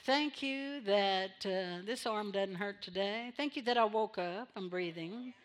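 A woman's voice: mid-range voice, a little slow. A woman pastor preaching a sermon in church, repeating phrases for emphasis and drawing amens from the congregation.

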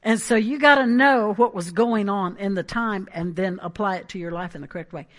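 A woman preaching a sermon in an animated, emphatic way, with asides and laughs. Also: mid-range voice, brisk.

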